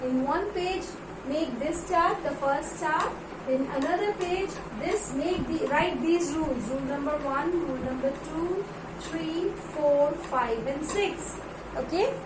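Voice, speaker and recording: A woman teaching an English grammar lesson to a class. She reads word lists aloud in louder, drawn-out calls and spells words out letter by letter. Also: sits high, reverberant. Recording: noisy room recording.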